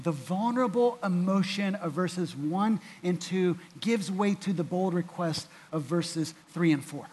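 A man preaching a sermon in an earnest way, often repeating words and restarting, and growing louder when he voices pleas. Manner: rises louder and higher when voicing the psalmist's pleas. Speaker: pastor.

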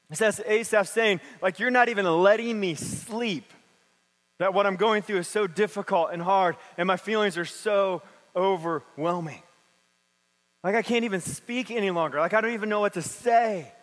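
In a church sanctuary with long hall reverb, a pastor with a high, fairly bright voice preaches a sermon. He reads scripture and then discusses it in a casual, conversational way.

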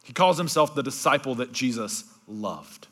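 A male pastor giving a conversational sermon, dropping to slow, hushed passages for emphasis and adding asides like "okay?". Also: medium pitch, animated. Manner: swings between bright emphasis and hushed, slowed-down passages.

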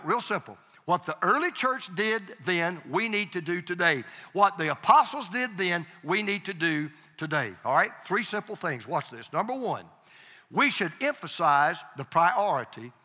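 A man's voice: high voice, bright, forceful tone. A man preaching a sermon as pastor, emphatic, repeating key phrases and calling on the congregation to answer. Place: church sanctuary. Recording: reverberant hall.

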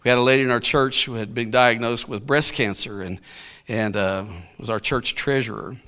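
Preacher, male, folksy and chuckly, bright forceful tone, sermon storytelling. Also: medium pitch, steady tone, normal speed, smooth. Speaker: pastor.

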